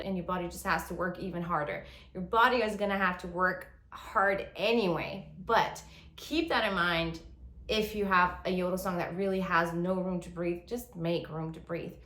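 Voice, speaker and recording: A woman's voice: fairly low pitch, fairly bright tone. A woman giving an online yodeling lesson who explains step by step and stops to demonstrate. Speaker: yodeling teacher. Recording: roomy echo.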